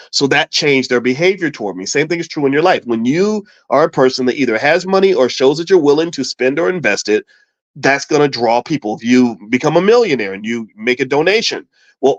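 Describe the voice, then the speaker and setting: Male host from Kentucky, casual money talk, animated delivery, close dry mic. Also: on the high side, no room sound. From Louisville, Kentucky. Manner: animated, repeats words and restarts, acts out quotes. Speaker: finance show host. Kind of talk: casual storytelling with money advice. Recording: dull, slightly lo-fi dry sound.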